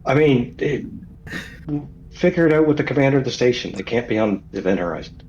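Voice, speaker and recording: A man playing a tabletop game, talking in a dry, deadpan way. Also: medium pitch, brisk. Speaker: player. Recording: dull lo-fi mic with faint hiss.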